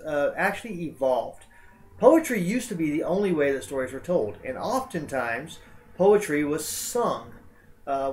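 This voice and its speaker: A man teaching a college English lecture over slides, talking in a relaxed, conversational way with frequent uh and um fillers. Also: fairly high pitch, slight background noise.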